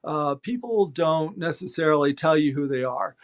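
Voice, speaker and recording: Middle-aged man, bookstore owner, chatty anecdotal guest, slightly high voice. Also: moderate pace. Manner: animated anecdotes, acts out quoted voices. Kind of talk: casual interview storytelling.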